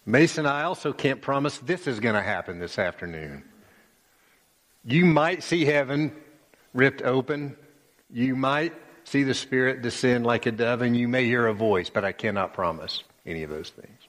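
A man preaching a sermon as pastor, slow and emphatic, pausing often and repeating phrases. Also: medium pitch, fairly bright tone. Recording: long reverb of a church hall.

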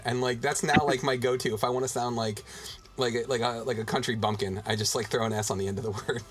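A man co-hosting a casual chat show, animated and swearing freely, laughing often and mimicking regional accents. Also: mid-range voice, quick pace. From Virginia. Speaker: podcast co-host.

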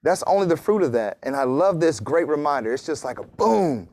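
A man's voice: fairly high pitch, expressive, fairly quick, darkish tone. A man preaching a casual sermon, reading scripture and joking with his congregation. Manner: casual, joking preaching with laughs and acted asides. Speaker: pastor.

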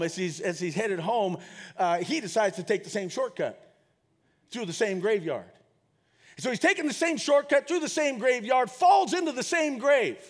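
A man preaching a sermon, leading the congregation in call and response and rising to shouts as he tells a story. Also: very high-pitched. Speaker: pastor.

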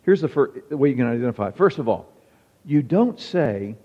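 A man's voice: mid-range voice, very animated, a little fast. Man preaching in an echoing hall. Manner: conversational, wry preaching with quoted examples. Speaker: pastor. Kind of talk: sermon. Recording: dull sound with long hall reverb.

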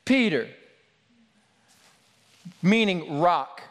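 A man delivers a sermon in a relaxed, storytelling manner, tossing in casual asides as he goes. His voice sits a little high for a man. A long reverb hangs in the big hall around him. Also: very slow. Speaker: preacher.

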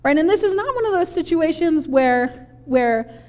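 A woman preaching a sermon, telling the story in an animated, conversational way. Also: high voice, normal speed. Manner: animated storytelling, acting out quoted voices with laughs. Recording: long hall reverb.

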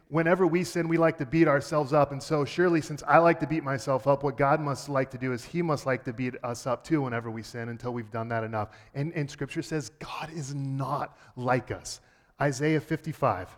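A man giving a sermon as a pastor, earnest, dropping quiet and then rising emphatic. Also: mid-range voice, in a large hall.

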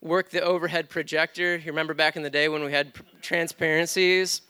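A man's voice: on the high side, fairly even intonation, moderate pace, sharp tone, clear, resonant tone, no echo. A man in his thirties preaching in a church, telling stories casually with frequent restarts. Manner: conversational storytelling with many restarts. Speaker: pastor. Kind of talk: sermon.

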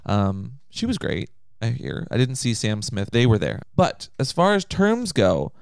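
Smooth-voiced man in teasing podcast banter. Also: medium pitch, wildly swooping pitch, a little slow, no room sound, clean studio sound. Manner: teasing, joking. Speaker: podcast co-host. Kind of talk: casual chat.

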